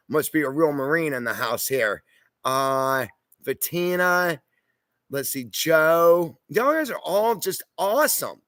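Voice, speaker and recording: Reading out viewer comments and replying in a laid-back, talkative style, this livestream host often drops "y'all" and "hoorah." He has a fairly high, slightly bright voice with lively intonation and speaks slowly. The recording is dry.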